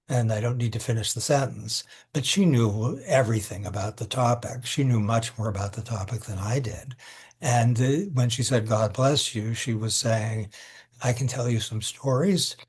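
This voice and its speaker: An older man, a law professor, answering interview questions in a thoughtful, halting way, at times emotional. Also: medium pitch, a little mellow, husky.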